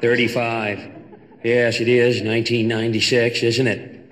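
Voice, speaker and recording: A man playing a self-assured middle-aged president with a strong Boston accent, talking in clipped phrases broken by drawn-out ums, on a reverberant 1960s comedy record. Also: mid-range voice, level tone, close to an everyday voice. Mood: wry. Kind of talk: 1960s comedy album sketch.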